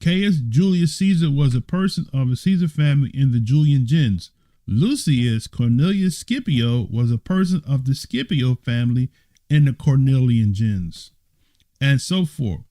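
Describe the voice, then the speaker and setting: A man teaching a Bible study, reading passages aloud and commenting on them. His voice sits at a middling pitch but swings up and down freely. He breaks off often for playful, mock-surprised exclamations. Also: a little slow, no room sound. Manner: animated, teasing asides with laughter.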